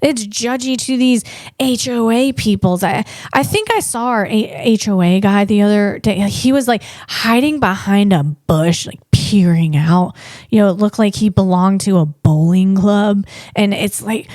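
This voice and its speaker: A woman's voice: medium pitch, unhurried, a little mellow, no echo, clean studio sound. A woman hosting her own podcast as a comedian, ranting in a playful, teasing way with lots of restarts. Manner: rambling, jokey ranting with frequent restarts. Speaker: podcast host and stand-up comedian. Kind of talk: casual solo podcast monologue.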